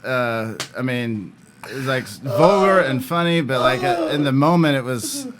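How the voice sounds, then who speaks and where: Chatty podcast guest full of uh's. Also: male voice, mid-range voice, sing-song, very noisy. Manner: halting, laughing storyteller with many fillers. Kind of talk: casual interview chat.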